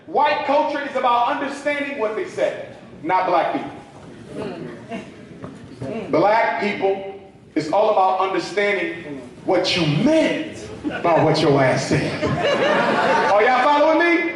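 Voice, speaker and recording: A man's voice: high-pitched, very animated, measured pace, long pauses, distant mic. A man giving a talk to a live audience, preacherly, drawing call-and-response from the crowd. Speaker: speaker at a public talk. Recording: echoey hall, mic from afar.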